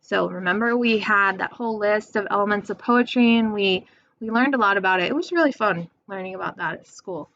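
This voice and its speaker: A young adult woman teaching a remote poetry lesson, talking slowly and clearly and spelling words out for her students. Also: mid-range voice, fairly bright tone, dull audio.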